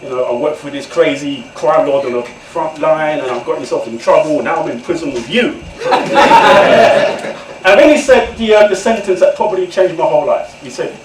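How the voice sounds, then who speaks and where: Man, animated storyteller, high voice, roomy echo. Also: moderate pace. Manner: animated, laughs often. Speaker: author, guest speaker. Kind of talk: comic storytelling to an audience. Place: event room indoors. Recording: echoey room from far off, noisy.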